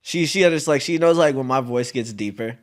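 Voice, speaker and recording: A young man at an everyday mid pitch, talking in a relaxed, slang-filled way. He tells his stories loosely and breaks into laughs as he goes, like a guest in a casual interview. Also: a little fast. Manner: laid-back slang-heavy storytelling with laughs. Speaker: guest athlete. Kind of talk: casual chat.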